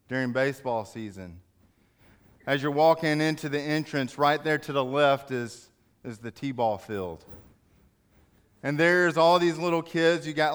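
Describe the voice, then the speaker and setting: Smooth-voiced man telling a sermon story. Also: medium pitch. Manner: animated storyteller, acting out yelling crowds. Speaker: speaker in a church service.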